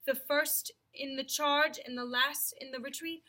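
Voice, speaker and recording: Solemn male lion monarch, slow and commanding, put on by a woman reading a storybook. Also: high voice, fairly even intonation, sharp tone. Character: majestic male lion king, solemn and kind.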